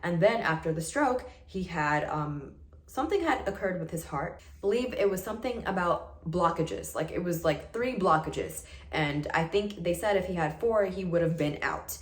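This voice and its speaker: A woman's voice: on the low side, animated, moderate pace, reverberant. A woman in her early twenties telling a personal story to camera in a casual, earnest and emphatic way, full of "like". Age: early 20s. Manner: earnest and emphatic, heavy use of "like". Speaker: vlogger.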